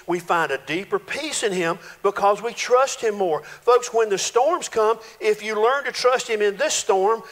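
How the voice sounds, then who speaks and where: A male pastor, preaching a folksy, animated sermon full of playful voiced quotes in a church sanctuary. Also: sits high. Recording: reverberant church hall.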